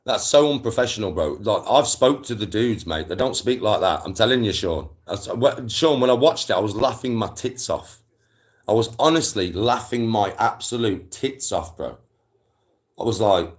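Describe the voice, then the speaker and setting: A man's voice: fairly low pitch, animated, moderate pace. A man, chatting casually on a live stream and telling rambling stories full of slang and swearing.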